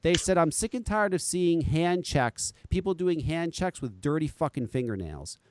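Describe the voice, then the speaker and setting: A man hosting a podcast in casual chat, an animated storyteller who swears freely. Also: moderate pace, a little hiss or hum. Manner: animated, swearing storyteller with lively pitch swings. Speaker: podcast host.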